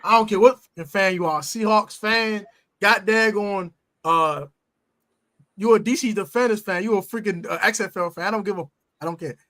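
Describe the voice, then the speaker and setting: A man hosting a sports podcast, delivering a loud, emphatic, cursing rant as a fan. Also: sits high, normal speed, no room sound. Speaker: podcast host.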